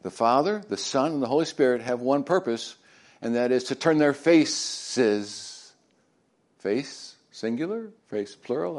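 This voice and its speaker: A male pastor preaching a sermon, swinging between loud emphatic lines and hushed near-whispers, with joking asides to the congregation. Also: mid-range voice, expressive, measured pace.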